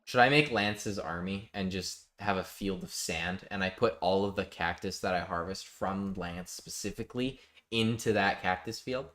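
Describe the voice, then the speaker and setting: A man's voice: deep voice, moderate pace, few pauses, fairly bright tone. A man chatting casually with his viewers while live-streaming a building game, reading out chat and joking. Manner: chatty, reads chat aloud, jokey.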